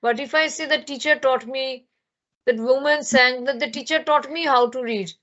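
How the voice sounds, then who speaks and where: A woman's voice: sits high, normal speed, fairly bright tone, highs cut off. A woman from Bengal, teaching an online grammar lesson and explaining with many fillers and restarts. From Bengal, India. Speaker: spoken English teacher. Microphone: laptop microphone.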